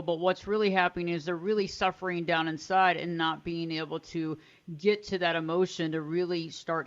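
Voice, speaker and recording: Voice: mid-range voice, fairly bright tone, muffled recording. A radio show host asking thoughtful, emphatic questions in a podcast interview.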